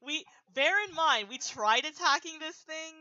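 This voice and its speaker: A man's voice: extremely high pitch, normal speed, no echo, highs cut off. A man playing a tabletop game with friends, teasing and pushing the group to act. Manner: teasing, animated, pushes the group on. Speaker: player. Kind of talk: casual tabletop game chat.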